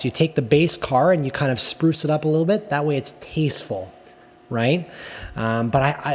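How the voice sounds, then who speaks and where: A man's voice: mid-range voice, darkish tone. A man from Canada chatting casually as a guest in an interview, rambling, with many restarts and tag questions. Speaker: guest, car enthusiast. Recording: long reverberant echo.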